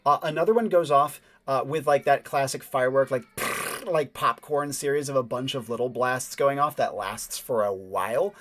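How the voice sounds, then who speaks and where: Man, game master, tabletop narration, mid pitch, relaxed fillers. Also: normal speed, hardly any pauses, a little hiss or hum. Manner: casual descriptive narration with fillers.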